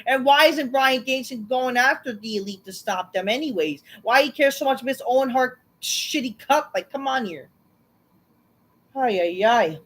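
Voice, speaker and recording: A woman's voice: sits high, expressive, moderate pace, a bit bright, poor audio. A woman hosting a wrestling review, ranting through a recap in a sarcastic, dismissive way with constant swearing. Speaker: wrestling show reviewer, channel host.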